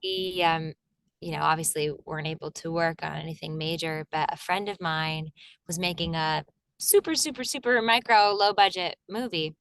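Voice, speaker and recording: Brief: young woman from Virginia, slightly low voice, chatty and laughing, dry close recording. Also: moderate pace, a bit bright, clean tone, dry recording. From Virginia, USA. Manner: chatty, laughs often, acts out quoted voices. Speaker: actor, guest. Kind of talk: casual interview chat.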